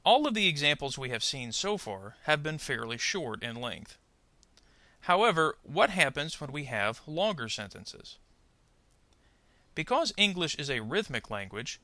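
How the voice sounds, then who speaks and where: On a dry recording, a male instructor reads a scripted pronunciation lesson in a very bright, faintly gravelly voice. He explains each point slowly and clearly with wide pitch rises and falls on stressed words, over-articulating model sentences deliberately for learners to repeat.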